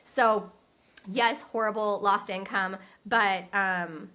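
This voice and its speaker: Woman coach on a podcast, bright voice, talks fast and loose, restarts a lot. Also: medium pitch. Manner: candid and animated, with frequent restarts and laughs. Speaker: social media coach, podcast guest. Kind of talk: unscripted interview talk.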